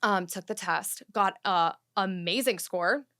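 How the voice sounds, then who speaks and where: A young woman chatting as a podcast guest, her voice at an ordinary middle pitch. She tells her story animatedly and slips into the voices of the people in it. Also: a little slow. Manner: animated storyteller, acts out other people's lines. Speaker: guest, in-house attorney. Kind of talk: casual storytelling in an interview.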